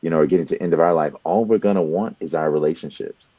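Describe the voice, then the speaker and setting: Deep earnest man, dull dry sound. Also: fast talker, no room sound. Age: young adult. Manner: earnest, repeats words while building a point. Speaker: podcast co-host. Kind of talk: motivational talk.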